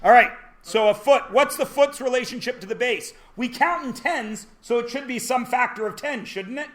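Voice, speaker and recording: A man's voice: very high voice, normal speed, fairly bright tone. A man teaching a classroom lesson, joking and quizzing his students as he goes. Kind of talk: classroom lecture.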